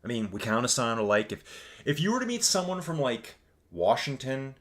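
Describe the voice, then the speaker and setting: A man's voice: mid-range voice, sing-song, normal speed. A Canadian man with a Canadian accent giving casual, rambling live-stream commentary on a virtual bike race and reading viewer chat aloud.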